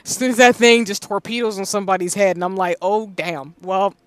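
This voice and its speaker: A streamer from the Southern United States chatting casually on a live stream, animated and quick to laugh. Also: mid-range voice, smooth, no echo.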